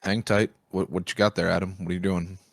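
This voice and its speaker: Deep-voiced joking young guy. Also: level tone, fast talker, creaky, no echo, clean studio sound. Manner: joking, profane, playful ribbing. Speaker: podcast co-host. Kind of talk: casual chat.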